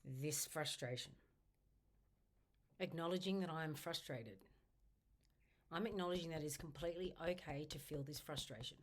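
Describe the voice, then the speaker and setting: Low-pitched woman, instructor leading a self-help tapping routine, steady repeated phrases. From Australia. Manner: slow repetitive affirmations, first person. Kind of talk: guided tapping script spoken aloud.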